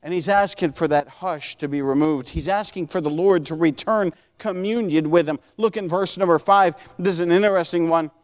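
A man preaching a sermon, earnest and pleading, who repeats words as he builds a point and drops to a near-whisper on quiet lines. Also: on the high side, normal speed, hardly any pauses. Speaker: pastor.

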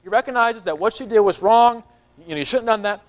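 A pastor with a fast, high-sitting voice preaches a sermon conversationally, often repeating words and acting out the people in the story. The recording quality is low.

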